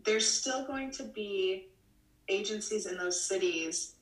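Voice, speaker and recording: A woman's voice: mid-range voice, slow. A woman from the United States, a model in her late twenties or thirties, answering interview questions in a rambling way full of "you know" and restarts. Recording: roomy, from a distance.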